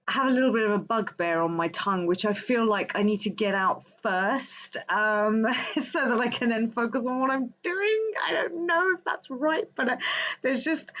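A woman's voice: mid-range voice, fairly bright tone. Passionate woman hosting a livestream. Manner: passionate, emphatic, talks to viewers directly. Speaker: wellbeing livestream host. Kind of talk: casual livestream monologue. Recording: slightly dull lo-fi audio.

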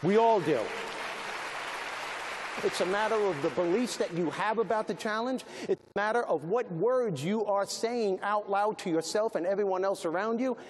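A man's voice: sits high, moderate pace, slight background noise. A man with a New York accent giving a motivational keynote, emphatic and repetitive, with punchy comic timing. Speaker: motivational speaker. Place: large hall. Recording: long hall reverb, faint ambience.

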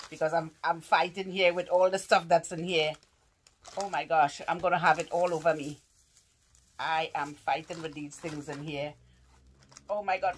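A woman with a lowish voice gushes over gifts as she opens them, exclaiming and laughing while she fights with the wrapping. It is a casual home vlog, with a faint hiss of noise under her voice. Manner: gushing, exclaiming, laughing often while struggling with packaging. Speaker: vlogger opening fan mail.

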